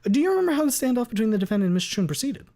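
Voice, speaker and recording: A man doing a sly, loud courtroom lawyer. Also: very high-pitched, sing-song, rapid-fire, pitched above the performer's own voice, full character voice. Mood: pressing. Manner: loud, pointed questioning.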